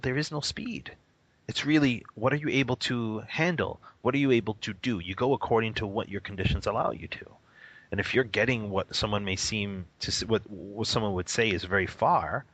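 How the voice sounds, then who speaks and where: A man's voice: medium pitch, a bit bright, no echo. A man who teaches meditation, explaining things casually in a radio interview. He laughs often and acts out the reactions of the people he quotes. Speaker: Buddhist teacher.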